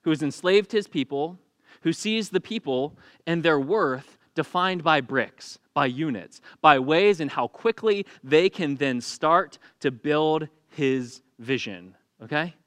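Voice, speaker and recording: A man's voice: fairly high pitch, a little slow, a bit bright, dry recording, clean studio sound. A man preaching a sermon in a casual, humorous storytelling manner, acting out the people he quotes. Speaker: pastor.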